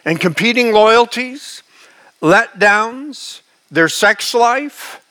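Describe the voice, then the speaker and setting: A man's voice: high-pitched, expressive, very slow, bright, forceful tone. A male pastor giving a sermon in a conversational, folksy manner with chuckling asides.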